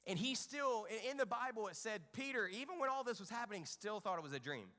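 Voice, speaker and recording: A man with a high, lively voice leads a children's church lesson. He acts out the story with energy and keeps asking the kids questions. His voice carries a long reverb, as if in a big hall. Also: fast. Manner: animated, asks the children questions. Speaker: children's ministry leader. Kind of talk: telling a Bible story to kids. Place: church kids' room stage.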